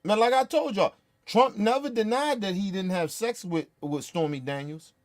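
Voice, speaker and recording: A man's voice: high-pitched, moderate pace. A man ranting in profane, heated commentary, blunt and repetitive. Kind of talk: profane political rant.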